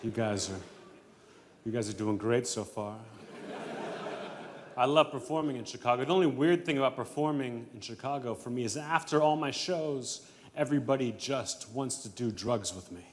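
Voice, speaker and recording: A male comedian with a middle-pitched voice performs stand-up on a club stage. His delivery is dry and deadpan, and he speaks into a handheld stage mic. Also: normal speed, noisy background.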